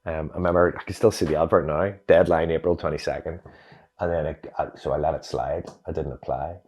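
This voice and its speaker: A Northern Irish man, an interview guest, telling a personal story in a reflective, animated way with many fillers. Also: very deep voice, a little fast. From Northern Ireland.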